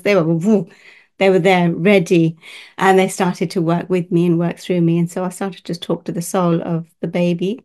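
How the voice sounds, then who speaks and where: A spiritual healer with a lowish voice tells a story casually to the camera. She's lively and laughs often, putting on the voices of the people she quotes.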